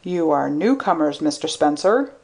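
A woman's voice: deep voice, sing-song, normal speed, darkish tone, slightly rough, full character voice. A woman voicing a polite male hotel manager who speaks in a formal, courteous way.

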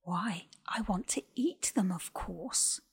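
A woman reads a hungry male bull snake in a children's story, sly and politely greedy. He speaks slowly and softly, with a husky, gravelly edge and long drawn-out words. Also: medium pitch, heavily acted. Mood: greedy wheedling.

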